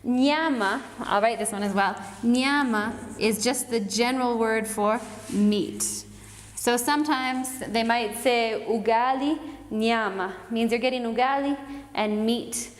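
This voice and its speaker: A woman giving a casual language lesson, explaining in a relaxed way and repeating words slowly. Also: on the high side. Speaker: language teacher. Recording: echoey roomy sound with long reverb.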